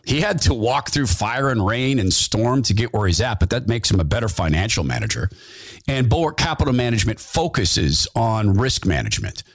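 A man's voice: fairly low pitch, sing-song, normal speed, dry recording, studio quality. A middle-aged man hosting a talk radio show, telling folksy stories and acting out the quotes. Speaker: radio host. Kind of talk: storytelling talk radio monologue.

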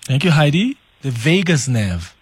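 A man's voice: a little high, big pitch swings, unhurried, breathy edge, no echo. A South African man hosting a radio talk show, reading listener messages and putting questions to a guest. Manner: reads listener messages aloud. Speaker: radio host.

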